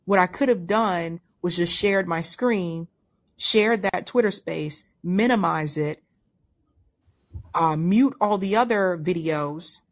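A woman hosting a podcast, talking in a loose, rambling way full of restarts and fillers. Her voice sits a little low for a woman. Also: slow pace. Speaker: podcast co-host. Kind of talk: casual chat.

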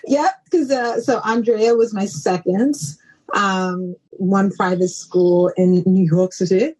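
A woman in her forties, a diversity consultant, chatting playfully on a podcast and leaping into high exclamations. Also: fairly even intonation, takes it slowly, darkish tone, husky, poor audio. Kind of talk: casual podcast chat. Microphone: call-in app.

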